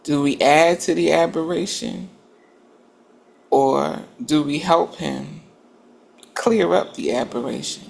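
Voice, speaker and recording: A woman's voice: deep voice, gravelly. A woman in a casual group discussion, making earnest points and building up to them with emphasis.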